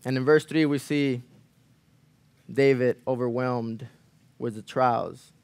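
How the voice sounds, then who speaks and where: A man preaching a sermon in a church, earnest, repeating phrases for emphasis, rising loud on key lines and falling quiet after. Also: steady tone, takes it slowly, gravelly, dry recording. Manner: earnest, swells louder on key lines then drops low. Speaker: pastor.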